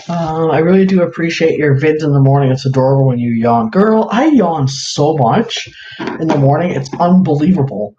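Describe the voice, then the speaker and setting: A man's voice: on the high side, animated, normal speed, mellow. A man chatting casually on a livestream, rambling with lots of fillers as he shows his crafts to viewers. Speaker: live-streaming craft seller. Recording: roomy, dull lo-fi, faint hiss.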